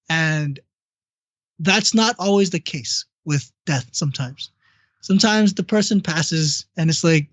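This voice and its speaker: A man's voice: high voice, no echo. A man co-hosting a podcast, telling personal stories in a casual, blunt and profane way. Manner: blunt and profane, animated storyteller. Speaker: podcast co-host. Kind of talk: casual chat, personal storytelling. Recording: dull lo-fi, dry sound.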